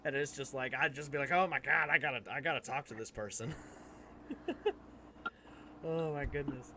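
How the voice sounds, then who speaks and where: Man, podcast host, joking, laughing, bright tone, faint background noise. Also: medium pitch, fairly even intonation, moderate pace. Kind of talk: casual chat.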